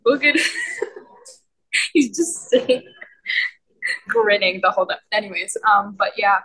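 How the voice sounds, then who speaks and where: A woman co-hosting a podcast, telling a story in a casual, excitable way with lots of giggles. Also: mid-range voice, a little slow, long pauses, breathy edge, poor audio. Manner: giggly and excitable, many fillers. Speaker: podcast co-host.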